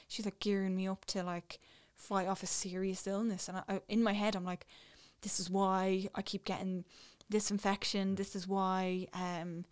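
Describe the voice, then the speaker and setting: A young woman with an Irish accent, casually telling a personal story, dropping to a hush and then getting excited. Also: mid-range voice, moderate pace, few pauses. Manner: animated, swings between hushed and excited. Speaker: new mother telling her story.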